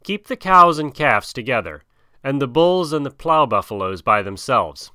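A man's voice: mid-range voice, sing-song, moderate pace, bright, forceful tone, dry recording, studio quality. A man voicing a bold young jungle hero who gives orders in old-fashioned thou speech. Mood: commanding. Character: bold jungle boy leading wolves and herd.

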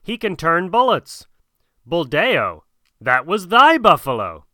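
A man shouting as an angry village mob. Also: sits high, huge pitch swings, slow, no room sound, studio quality, pitched above the performer's own voice, heavily acted. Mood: hostile. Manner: shouting, hostile.

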